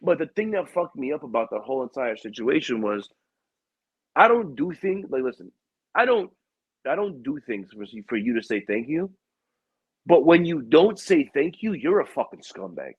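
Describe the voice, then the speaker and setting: A young man hosting a podcast tells a profane story in casual, animated chat, acting out other people's lines with a raised pitch. His voice is slightly rough at a moderate pace, and the recording is dry and lo-fi.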